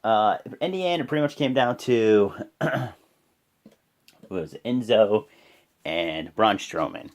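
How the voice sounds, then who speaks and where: A man giving a casual, rambling recap of a wrestling show, excitable and swearing freely. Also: lowish voice, takes it slowly, pauses often.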